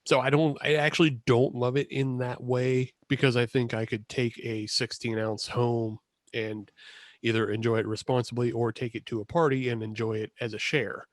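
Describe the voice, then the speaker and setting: A man's voice: mid-range voice, flat delivery, normal speed, dry recording, clean studio sound. A man co-hosting a podcast, chatting casually over a video call, rambling and correcting himself with frequent laughs. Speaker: podcast co-host. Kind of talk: casual chat.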